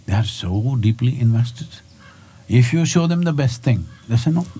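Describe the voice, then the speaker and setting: A man's voice: medium pitch, expressive, normal speed, dark tone, a little hiss or hum. A man in his sixties, a spiritual teacher giving a talk to a live audience, prodding his listeners with rhetorical questions. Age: 60s.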